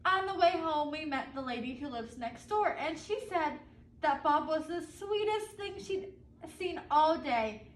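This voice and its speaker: A woman reads a picture book aloud to children and stops to ask them questions. Her voice is high and her pace is slow. She sounds distant in an echoey room with faint ambience. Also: expressive, slight background noise. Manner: asks the children questions between pages. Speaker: storybook reader.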